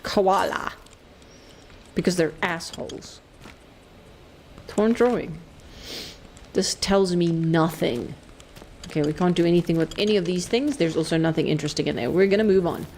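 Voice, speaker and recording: A woman's voice: fairly low pitch, normal speed, long pauses, darkish tone, slight background noise. A woman streaming a game, chatting away casually, playful, laughing often and swearing freely. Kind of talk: casual live-stream chat while playing.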